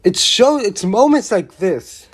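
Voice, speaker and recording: A vlogger giving a casual, opinionated wrestling show review, rambling and excitable, often restarting sentences and swearing mildly. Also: medium pitch, takes it slowly, breathy edge. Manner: blunt, with mild swearing.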